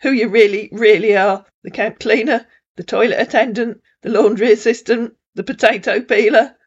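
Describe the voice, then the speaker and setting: A woman's voice: on the high side, fairly even intonation, normal speed, breathy edge, muffled recording. A woman narrating a story and voicing its dialogue with a scornful, cutting delivery.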